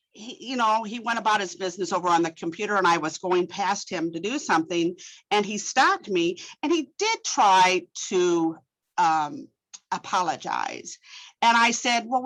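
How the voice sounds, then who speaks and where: A woman's voice: mid-range voice, poor audio. Exasperated woman retelling a run-in. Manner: animated, exasperated storytelling that acts out quoted speech; frequent restarts and repeated words. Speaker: library director. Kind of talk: telling a story in a webinar discussion.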